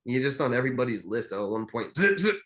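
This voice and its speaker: A man's voice: medium pitch, fast. Laid-back male podcast co-host. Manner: relaxed, agreeable banter with slang. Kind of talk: casual chat.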